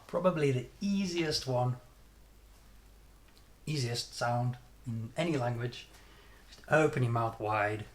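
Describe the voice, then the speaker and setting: A British man gives an English pronunciation lesson in an unhurried, deliberate way. His voice sits at an ordinary middle pitch, and he models sounds and stress patterns by repeating them one after another.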